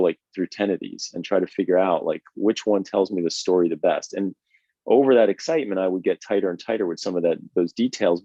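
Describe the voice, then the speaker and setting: Lively male drawing teacher, low voice. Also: dry recording. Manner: energetic, conversational, checks in with "right?". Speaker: drawing instructor and host. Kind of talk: live online drawing lesson. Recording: dull, lo-fi, dry stream audio.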